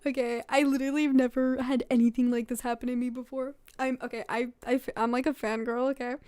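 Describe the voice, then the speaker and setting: A woman's voice: high voice, little pitch movement, fast talker, darkish tone, smooth, dry recording. A sleepy young woman reading fan fiction aloud late at night, rambling and giggly with many fillers.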